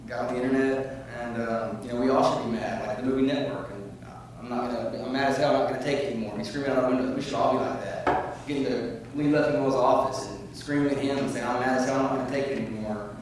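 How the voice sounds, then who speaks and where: A man speaking at a public forum, rambling and growing loud and heated as he makes his comments. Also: medium pitch, steady tone, quick pace, hardly any pauses, slight background noise. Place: meeting room. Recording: echoey room from far off.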